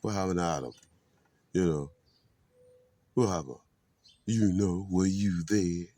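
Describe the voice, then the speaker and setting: A man's voice: low voice, measured pace, warm tone, no room sound. A man rambling about faith outdoors in a garden, preachy with playful asides. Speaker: spiritual vlogger. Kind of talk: rambling casual spiritual musing.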